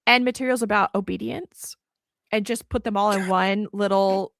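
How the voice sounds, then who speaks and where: A woman's voice: medium pitch, fairly even intonation, moderate pace, gravelly, a bit bright, no echo, studio quality. A woman guest on a podcast, talking in an impassioned, emphatic and indignant way. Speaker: guest author. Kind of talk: podcast conversation.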